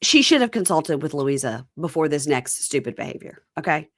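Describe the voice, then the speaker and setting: A woman's voice: low voice, big pitch swings, fairly quick, no room sound, studio quality. A woman hosting a podcast, casually recapping a reality show and acting out the lines of its cast with wry asides. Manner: retells scenes with quoted voices and wry asides. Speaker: podcast host.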